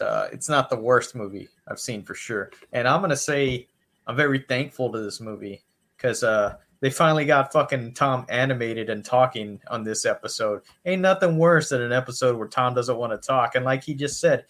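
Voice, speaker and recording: A man's voice: mid-range voice, fairly bright tone. Easygoing man recapping a comic. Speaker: podcast co-host. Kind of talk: casual chat.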